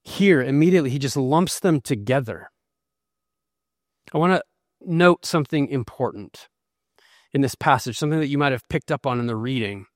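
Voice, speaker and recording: A man's voice: medium pitch, moderate pace, pauses often, no room sound, clean studio sound. A man preaching an expository sermon, earnest and emphatic as he explains and reads scripture. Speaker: pastor.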